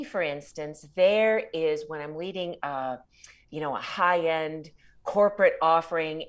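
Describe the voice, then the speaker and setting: A woman speaking as an author in a reflective spiritual talk, measured and pausing to find her words. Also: deep voice.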